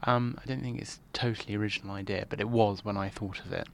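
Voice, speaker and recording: Low, flat-voiced hesitant man. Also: quick pace, gravelly, slight background noise. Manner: hesitant, modest, with many ums. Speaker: playwright. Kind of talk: interview conversation.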